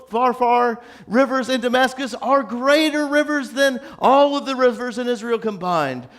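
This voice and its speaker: A preacher doing a furious proud war general. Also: male voice, very high-pitched, a bit bright, voice pushed up. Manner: indignant, ranting, scoffing. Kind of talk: sermon storytelling.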